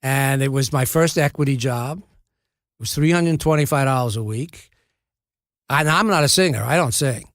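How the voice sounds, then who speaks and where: A gravelly-voiced man in his seventies spins a wry, self-deprecating story about his early acting work. He talks at an everyday pitch, with restarts and dry humor. The sound is close and dry, with no room echo. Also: moderate pace, a bit bright. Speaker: actor, podcast guest. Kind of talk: casual anecdotal storytelling.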